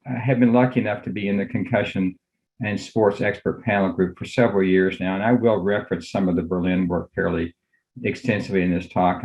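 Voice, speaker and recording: An older man, a physician, giving a measured academic lecture on a video call, courteous and full of fillers. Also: low voice, darkish tone, rough recording. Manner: measured, courteous, thinks aloud with many fillers.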